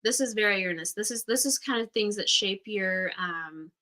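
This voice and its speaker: Over a low-quality recording, a Utah woman in her thirties leads a relaxed livestream astrology talk. Her medium-pitched voice has a sharp edge and a moderate pace; she chats openly, curses freely, and performs the voices she quotes.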